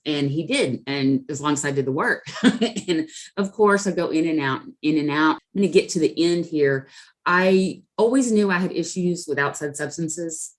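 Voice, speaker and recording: A middle-aged woman telling her personal recovery story as a podcast guest, earnest and emotional, with many fillers. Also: low-pitched.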